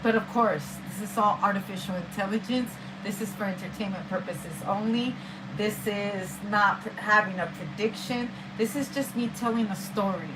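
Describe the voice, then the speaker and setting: A woman's voice: medium pitch, normal speed, poor audio. A woman doing a casual, rambling tarot reading, swearing often and using street slang. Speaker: tarot reader. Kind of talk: casual spiritual reading monologue. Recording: music playing behind.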